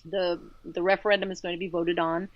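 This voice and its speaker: A woman's voice: fairly low pitch, little pitch movement, brisk, lo-fi sound. A woman co-hosting a talk radio show, making emphatic points and often repeating words as she builds them. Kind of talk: casual talk radio commentary.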